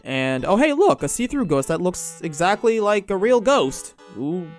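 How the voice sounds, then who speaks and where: A man's voice: sits high, very animated, moderate pace, faint music behind. Sarcastic man dubbing a game. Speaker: channel host. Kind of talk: comedy gameplay dub.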